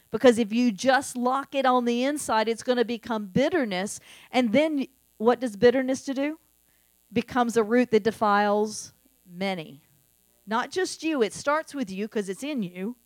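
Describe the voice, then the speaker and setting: A woman's voice: a little high, darkish tone, dry recording. Woman pastor, middle-aged, earnest conversational sermon, dry close sound, faint mains hum. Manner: earnest, conversational preaching with repeated phrases.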